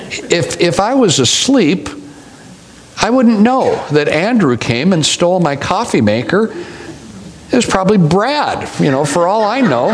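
A man's voice: a little high, expressive, a little slow, low-quality recording. A male pastor preaching a sermon, telling stories with wry humorous asides.

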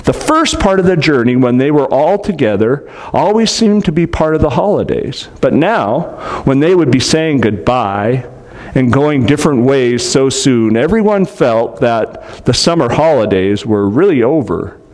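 A man reading a storybook aloud to children, adding gentle explanatory asides. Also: mid-range voice, animated, unhurried.

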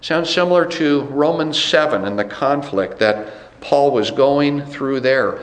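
A man's voice: mid-range voice, animated, a little slow. A man preaching a sermon as pastor, emphatic and repeating phrases for stress. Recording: roomy echo.

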